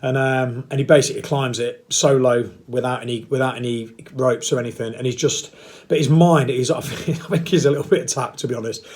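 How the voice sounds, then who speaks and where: A middle-aged man speaks in a loose, rambling way. He is blunt and mocks himself a little. His voice sits at a middling pitch. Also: steady tone, brisk, a little mellow. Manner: rambling, blunt and self-mocking, with playful put-on voices. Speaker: vlogger. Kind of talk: casual monologue to camera.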